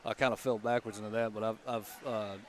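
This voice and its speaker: A man's voice: fairly low pitch, flat delivery, quick pace, noisy background. Chatty male commentator outdoors. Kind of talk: casual live commentary.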